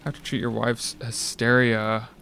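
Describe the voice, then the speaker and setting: A man giving casual, profane, excitable commentary while playing a video game. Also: medium pitch, unhurried, creaky, a little hiss or hum. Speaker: let's play gamer. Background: game music.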